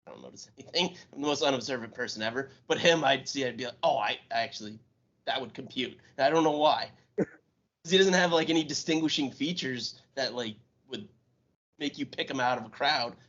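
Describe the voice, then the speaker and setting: A man's voice: mid-range voice, brisk, a bit bright. A man co-hosting a movie podcast, chatting casually and laughing often. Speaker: podcast co-host. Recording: slightly muffled podcast audio.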